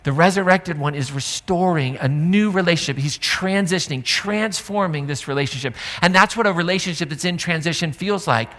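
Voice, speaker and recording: A male pastor preaches in an animated, joking, conversational manner. His voice is bright and fairly high, and its pitch moves a great deal. A long church reverb trails after each phrase. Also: brisk, hardly any pauses. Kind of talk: sermon.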